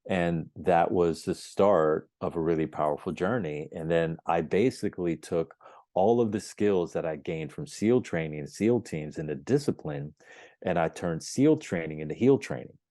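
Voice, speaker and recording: A man on a podcast telling his story as the guest, animated, acting out the dialogue as he goes. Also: low voice, moderate pace, dry recording, studio quality. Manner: emphatic and repetitive phrasing. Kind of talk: storytelling in an interview.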